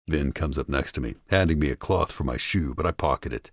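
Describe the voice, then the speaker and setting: Very deep, gravelly male audiobook narrator. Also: moderate pace, dry recording, clean studio sound. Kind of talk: first-person audiobook narration.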